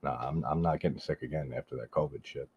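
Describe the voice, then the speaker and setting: Deep-voiced New guy, rambling. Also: quick pace, muffled recording, slight background noise. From Long Island, New York. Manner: rambling, heavy on "like", swears casually. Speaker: host of a horror movie live stream. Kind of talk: casual live chat reacting to viewers.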